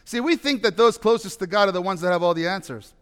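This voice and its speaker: A man preaching a sermon, telling stories animatedly, with loud bursts of emphasis and quiet asides. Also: sits high, lively intonation, fast talker, clear, resonant tone. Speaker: pastor. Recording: long hall reverb.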